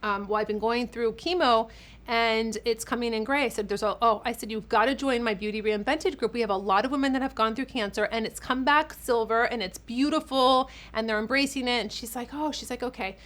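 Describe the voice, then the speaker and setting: A woman with a fairly high voice tells her stories straight to camera. She talks casually and with feeling, stopping and restarting often and leaning on fillers as she goes. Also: brisk. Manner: emotional, animated, lots of fillers and restarts. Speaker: vlogger and author.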